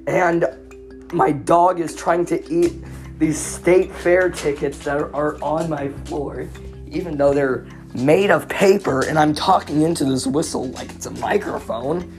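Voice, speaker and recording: A young woman with a low voice talks slowly through a rambling home podcast, stuttering and repeating herself. She mocks herself and swings from loud outbursts to mumbles. Faint music plays beneath her. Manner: self-mocking, jumps between loud outbursts and mumbling. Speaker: podcast host. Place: home recording studio room with her dog.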